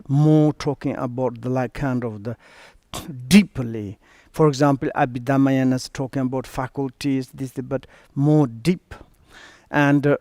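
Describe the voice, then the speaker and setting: Man with Tibetan as first language, Buddhist teacher, halting English, mellow voice, dry sound. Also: medium pitch, dry recording. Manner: halting, searching for words in English; relaxed, with many fillers and asides. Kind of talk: online dharma teaching.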